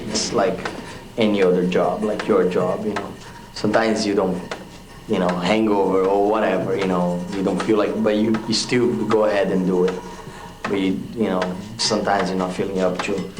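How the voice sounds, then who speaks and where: A young touring musician talks through a documentary interview with a very low voice. He is loose and frank, leaning on fillers as he goes. The sound is roomy, with music playing clearly in the background. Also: level tone, moderate pace. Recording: roomy echo with music behind.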